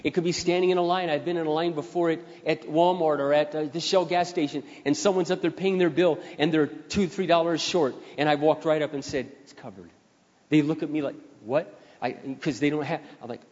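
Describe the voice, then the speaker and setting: A man's voice: on the high side, fairly even intonation, brisk. Emphatic preaching man in a reverberant hall. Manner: emphatic repetition, swelling louder on key phrases. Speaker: pastor. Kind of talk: sermon. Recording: dull sound, long hall reverb.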